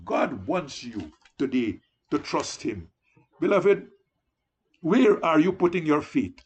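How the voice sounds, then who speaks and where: Male preacher, high husky voice, pleading sermon delivery. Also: a little mellow. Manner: pleading, repeats "beloved" often. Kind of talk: evangelistic sermon.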